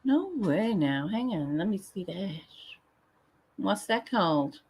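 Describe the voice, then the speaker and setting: A woman's voice: medium pitch, lively intonation, slow, a little mellow, slightly rough. A woman hosting a casual livestream, joking and swearing freely as she chats with viewers. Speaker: livestream host.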